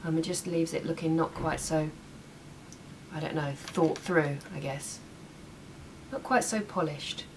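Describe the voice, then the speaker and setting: Chatty woman, slightly lower voice. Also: steady tone, unhurried, pauses often. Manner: chatty, talks while working, some asides. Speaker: makeup tutorial host. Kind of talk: casual makeup tutorial. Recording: slightly distant mic, faint room noise.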